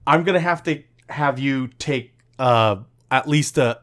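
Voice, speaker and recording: A man's voice: mid-range voice, a little slow, a bit bright. A man co-hosting a podcast, running a survival scenario for his co-host in hesitant casual chat. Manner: hesitant, many fillers and restarts, laughs often. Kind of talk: casual improvised game-master chat.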